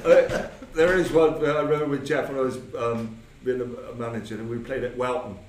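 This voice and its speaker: Hombre inglés mayor contando anécdotas, sala con eco. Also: male voice, medium pitch, steady tone, brisk. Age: over 50. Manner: rambling anecdotes with restarts, quoting himself, laughing. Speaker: former football manager, guest. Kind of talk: casual storytelling. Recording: roomy, distant mic, background noise.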